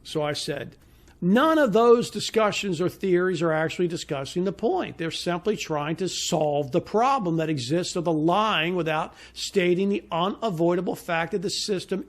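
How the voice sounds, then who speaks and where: A man giving an indignant, insistent solo opinion monologue as a commentator. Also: high voice. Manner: indignant, ranting; emphatic, insistent.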